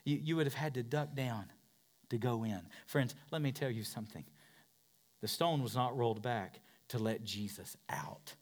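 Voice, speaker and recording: A pastor delivers a sermon, repeating phrases for emphasis and swinging from loud shouts to hushed whispers. His voice is medium in pitch and his pace is moderate.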